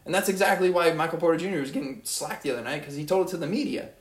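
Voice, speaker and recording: A man's voice: a little high, rapid-fire, reverberant. A young man giving an earnest, rambling motivational monologue as a podcast host, often repeating his phrases.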